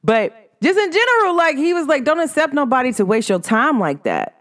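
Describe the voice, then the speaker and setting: A woman vlogger telling a personal story in a casual, rambling way, full of "like" and sudden swings of pitch. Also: big pitch swings, brisk. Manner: rambling, heavy use of "like", pitch swings up and down sharply.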